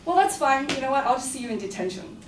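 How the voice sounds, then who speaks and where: A woman's voice: high voice, sing-song, fast talker, a little hiss or hum, pitched above the performer's own voice. A young woman voicing a strict, nitpicking female schoolteacher, curt and scolding, in an echoey room. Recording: echoey room, far from the mic.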